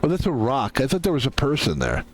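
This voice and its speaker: A male streamer talking through his game in a loose, rambling way, breaking into jokes and laughs. His pitch swings around a lot as he talks, and there is faint background ambience. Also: wildly swooping pitch, quick pace, slight background noise. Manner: rambling, laughing, joking asides. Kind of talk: casual gameplay commentary.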